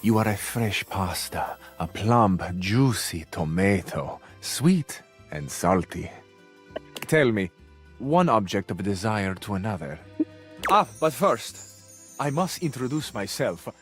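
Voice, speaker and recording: An actor playing a flirtatious, self-admiring Italian cabinet man with a smooth, seductive delivery, over game music. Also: on the low side, big pitch swings, takes it slowly. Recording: game audio with background music.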